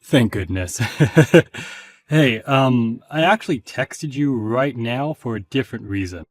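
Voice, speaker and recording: A chatty, friendly young man, voiced by a man speaks in an animated story. His voice is mid-pitched and upbeat, with faint music behind it. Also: slow.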